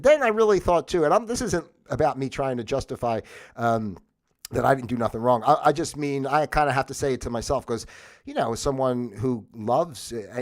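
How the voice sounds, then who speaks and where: A man's voice: mid-range voice, darkish tone. A man hosting a livestream, talking in a rambling, conversational way and getting worked up and exasperated, with laughs between his points. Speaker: livestream host. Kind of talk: casual monologue. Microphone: livestream microphone.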